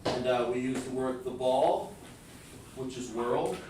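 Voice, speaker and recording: A man's voice: medium pitch, measured pace, a little mellow, a little hiss or hum. A man teaching a scripture class. He explains the meaning of words step by step and talks directly to the people listening. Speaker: religious teacher. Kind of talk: live-streamed scripture class. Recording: very echoey room, far from the mic.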